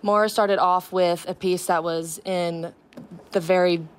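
Earnest young woman with a lower voice. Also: steady tone, a little slow, clear, resonant tone. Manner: earnest, many fillers. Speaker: drama student guest. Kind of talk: casual radio interview.

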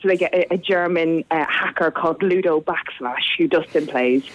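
A woman, chatting casually as an actress and writer being interviewed, quick to laugh. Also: sits low. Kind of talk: casual radio interview chat. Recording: dull lo-fi line, dry.

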